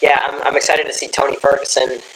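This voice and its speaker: A young man hosting a podcast, rambling and swearing as he riffs with his friend. His pitch sits mid-range for a man, with a faint hiss under the recording. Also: quick pace, rough recording. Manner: profane, rambling, animated. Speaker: podcast co-host. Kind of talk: casual chat.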